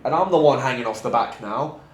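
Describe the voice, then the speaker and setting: Animated young man telling a story. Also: mid-range voice, brisk. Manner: animated storyteller, heavy swearing, London slang. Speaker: podcast host. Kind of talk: casual chat. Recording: roomy echo, faint background noise.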